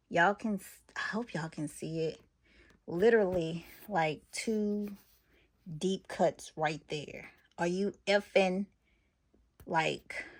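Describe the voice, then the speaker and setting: A woman, chatting to her viewers in a casual unboxing vlog, exasperated and talkative. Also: mid-range voice. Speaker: vlogger.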